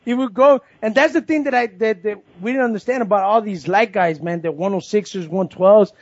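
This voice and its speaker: A man's voice: high voice, normal speed, dry recording, highs cut off. A male host chatting casually with a guest, laughing often and dropping in Spanish words. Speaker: show host. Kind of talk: casual interview chat.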